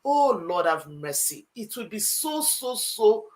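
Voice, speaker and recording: A woman, speaking as a panelist in an online discussion, earnest and halting with many fillers. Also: mid-range voice, very animated, low-quality recording.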